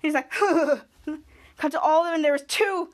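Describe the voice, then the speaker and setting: A woman's voice: high voice, measured pace. A woman podcast host recapping a TV episode casually and rambling, stringing scenes together with repeated "cut to.".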